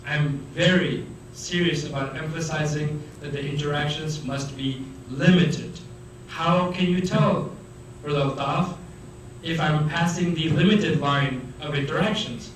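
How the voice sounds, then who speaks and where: A man giving a religious lecture to students, animated, acting out the voices of the people he describes. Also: fairly high pitch. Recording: echoey hall, mic far off, faint noise.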